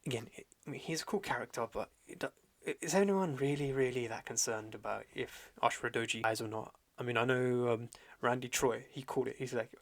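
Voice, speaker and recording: A young adult man hosting a podcast, recapping in a slangy, animated way with lots of fillers and restarts. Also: mid-range voice, a little fast. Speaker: podcast host reviewing a manga chapter. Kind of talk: casual chat.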